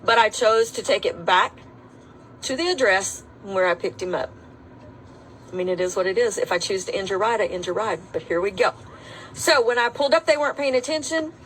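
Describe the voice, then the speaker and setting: A woman tells a personal story straight to camera. She is matter-of-fact and a bit defiant, speaking at an even, middling pitch. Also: a little fast, slight background noise, rough recording. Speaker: rideshare driver telling her story.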